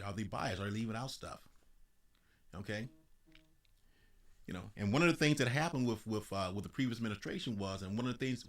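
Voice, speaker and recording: A man hosting his own podcast, talking through political commentary in a casual, animated way, with conversational slang and a few mock announcer asides. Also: medium pitch. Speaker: podcast host.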